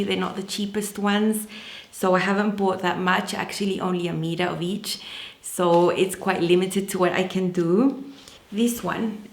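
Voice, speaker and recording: A woman's voice: medium pitch, vocal fry. Woman rambling happily about fabric she bought, lots of ums and likes, echoey room sound. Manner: chatty, enthusiastic, many fillers. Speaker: sewing channel host. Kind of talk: casual fabric haul chat.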